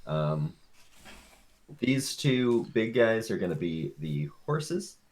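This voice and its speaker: A man's voice: fairly low pitch, big pitch swings, slow, a little mellow. A man narrating a tabletop game as game master in a casual, loose way. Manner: casual, filler-heavy narration.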